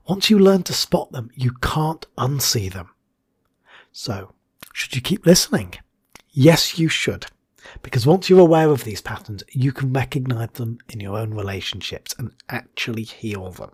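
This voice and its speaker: A man with a husky voice delivers a scripted educational talk as a hypnotherapist and coach. His pitch swings widely between punchy highs and low, breathy asides. He lands key words in a hushed whisper for dramatic effect.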